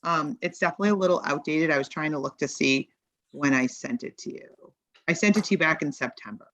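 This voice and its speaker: Heard through low-quality remote-call audio with no room sound, a woman in a meeting discussion walks a town committee through its options in a practical, think-aloud manner. Her voice is deep and a bit bright, and her pace is quick.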